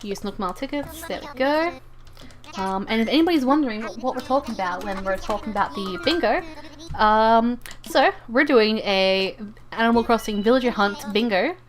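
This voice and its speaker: A woman's voice: a little high, expressive, normal speed, faint music behind. Chatty woman rambling on a live stream. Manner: chatty and rambling, stumbles and repeats words; playful, talks to viewers and game characters. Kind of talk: casual live-stream chat while gaming.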